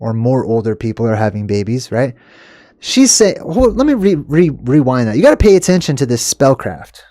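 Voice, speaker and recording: Man, excited commentary host, emphatic, pitch jumps on stress, dry close mic, middle pitch. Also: normal speed, no room sound. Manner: frequent fillers like okay and all right. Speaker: video host.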